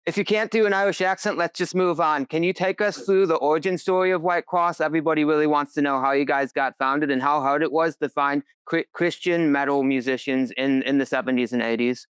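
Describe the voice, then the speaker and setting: A man's voice: fairly high pitch, steady tone, a little fast, hardly any pauses, a bit bright, smooth, no echo. A man interviewing a band, chatty and enthusiastic, joking as he asks questions. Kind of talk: casual interview.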